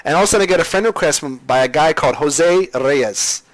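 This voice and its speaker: A man hosting a casual podcast, rambling with many fillers and getting animated when he tells a story. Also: on the high side, fast talker, no echo, low-quality recording. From Florida. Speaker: podcast host, machinima creator. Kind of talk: casual chat.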